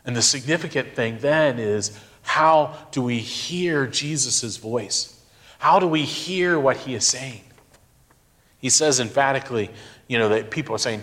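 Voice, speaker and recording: A middle-aged man giving a sermon, speaking in a slow, reflective way with emphatic pauses. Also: mid-range voice, fairly bright tone. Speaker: pastor.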